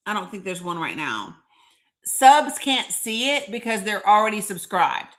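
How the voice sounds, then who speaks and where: A woman hosting a casual live stream, chatting, reading viewer comments aloud and often laughing and clearing her throat. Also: medium pitch, very animated, takes it slowly, long pauses, a bit bright. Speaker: livestream host.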